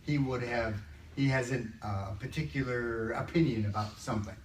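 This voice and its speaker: Older male study-group leader, conversational, in a roomy space and heard from a distance. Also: mid-range voice. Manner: conversational, slows down to read scripture. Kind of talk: Bible study discussion. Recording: roomy, distant mic, faint background noise.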